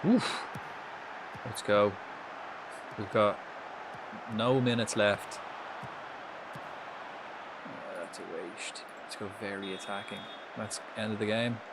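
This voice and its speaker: Low-voiced man streaming a football game. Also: fairly even intonation, slow pace, long pauses, heavy background noise. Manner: chatty, swears freely, reacts loudly to the match. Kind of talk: casual live gameplay commentary.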